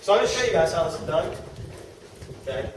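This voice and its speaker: A middle-aged man giving a live sales presentation to a room, animated and joking as he talks to the audience. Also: a little high, fast. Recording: echoey room from far off with noise.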